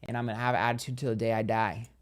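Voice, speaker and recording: A man's voice: mid-range voice, little pitch movement, rapid-fire. Young man, mid-range voice, blunt, candid, casual chat, streamer reading comments. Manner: blunt, candid, heavy use of "like". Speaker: psychic tarot streamer.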